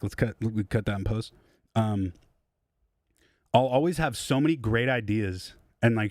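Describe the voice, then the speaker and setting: A man's voice: fairly low pitch, dry recording, clean studio sound. Profane, rambling man on a live stream. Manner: rambling, profane, self-deprecating. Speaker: music producer streaming live. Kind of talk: casual live-stream chat. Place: home studio.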